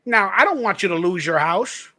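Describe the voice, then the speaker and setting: Brash high-voiced man ranting. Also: expressive, moderate pace, sharp tone. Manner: blunt, profane, mocking. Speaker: podcast host. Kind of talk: ranting commentary.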